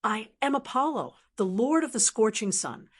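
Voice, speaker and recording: A woman's voice: fairly high pitch, expressive, moderate pace. A woman voicing a male god in an audiobook, proclaiming his divinity in a lofty tone. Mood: grandiose.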